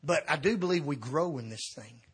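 Man, middle-aged, evangelist, storytelling sermon, husky, slightly high voice, loud and soft by turns. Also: normal speed. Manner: animated comic storytelling, swings from shouting to quiet. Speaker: evangelist preacher.

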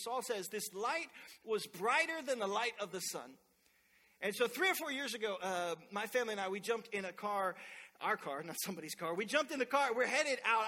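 A man in his thirties preaching a sermon in church, telling stories in an animated way and acting out quotes loudly. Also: high voice. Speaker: pastor. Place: church sanctuary. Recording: long hall reverb.

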